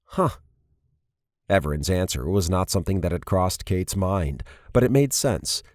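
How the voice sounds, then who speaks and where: Male audiobook narrator, very low voice, lively delivery, dry studio sound. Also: moderate pace, dry recording. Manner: steady storytelling, varied character reads. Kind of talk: scripted narration.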